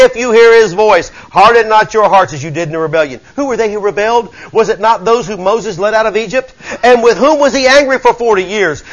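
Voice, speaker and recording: A man's voice: high voice, a bit bright, poor audio. A male preacher delivering a fiery sermon, reading scripture and firing rhetorical questions at the congregation. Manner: mixes scripture reading with folksy asides.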